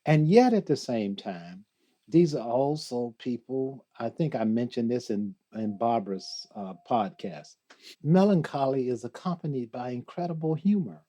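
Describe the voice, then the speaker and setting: Slow, mellow older man musing. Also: medium pitch, expressive. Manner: slow, musing, quotes poetry, laughs often. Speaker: guest, theologian. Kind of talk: reflective interview conversation.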